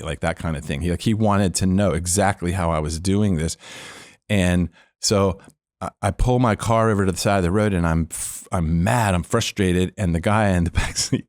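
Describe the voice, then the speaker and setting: Deep-voiced man telling a story. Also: moderate pace, no echo, studio quality. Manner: animated storyteller, acts out quoted voices. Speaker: podcast guest, former police officer. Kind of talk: storytelling testimony.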